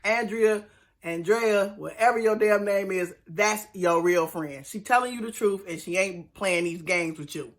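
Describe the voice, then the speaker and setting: A woman's voice: medium pitch, measured pace. A woman recapping a reality show in a chatty, sassy way, acting out the cast's lines. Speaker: reality TV reviewer. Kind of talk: casual recap commentary.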